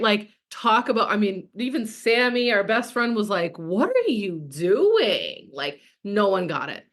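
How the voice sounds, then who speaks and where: Frank, swearing woman coach. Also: lowish voice. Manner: frank, casual, profane, reads out chat comments. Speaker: business coach. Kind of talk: coaching call.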